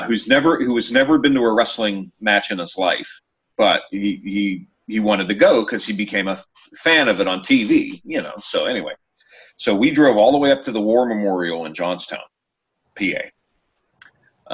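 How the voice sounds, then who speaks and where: A man hosting a casual chat show, telling a story with lively, acted-out quotes. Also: on the low side, lo-fi sound. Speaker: podcast host.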